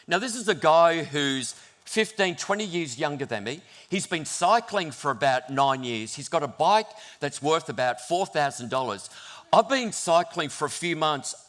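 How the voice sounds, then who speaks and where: A middle-aged man, a pastor preaching a sermon in church, telling stories in an animated, self-deprecating way. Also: fairly high pitch.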